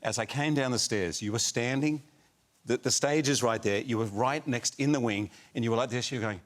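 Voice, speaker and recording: A man on a talk show telling an animated story and acting out the lines of the people in it. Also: medium pitch, a little fast. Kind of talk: anecdote.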